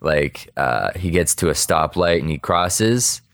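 A man's voice: a bass voice, expressive, measured pace, fairly bright tone, no room sound. A man chatting casually, retelling a cartoon episode in a rambling way with many asides.

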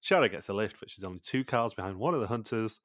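Man, podcast host, casual recap chat, low voice, dry sound. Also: lively intonation, fast, a bit bright, dry recording. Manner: chatty, recaps plot points in long runs.

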